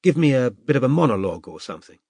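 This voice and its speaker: A man's voice: medium pitch, very animated, racing, breathy edge, dry recording. Guy narrator doing a young woman detective undercover, polished and chirpy, dry close audiobook mic. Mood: bright, friendly. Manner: bright, polished middle-class tone.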